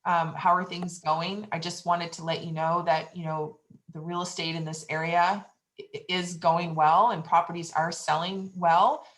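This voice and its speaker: A woman's voice: lowish voice, flat delivery, moderate pace, poor audio. A woman leading a real estate training session on a video call, giving encouraging, conversational advice.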